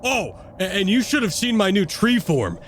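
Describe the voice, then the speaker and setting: A man, a tabletop game player, recapping the adventure in an excited, stumbling way with laughs. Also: high-pitched, normal speed, slight background noise.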